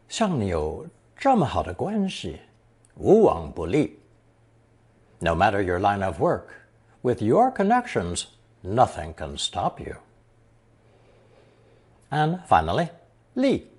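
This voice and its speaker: A man's voice: on the low side, darkish tone, slightly rough. A man narrating a recorded Chinese lesson, reading example sentences and then translating each into English. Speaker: language teacher.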